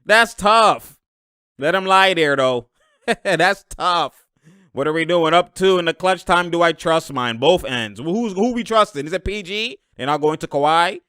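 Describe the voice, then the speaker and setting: A young man reacting live to a basketball game, excitable and slangy, laughing often and yelling at plays. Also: high voice, a little slow, smooth, no echo, clean studio sound.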